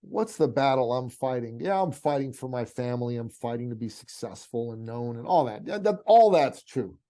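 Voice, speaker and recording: A middle-aged man from Iran, a podcast guest and business coach, telling a story in an animated, heartfelt way with casual asides. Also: mid-range voice, fairly quick.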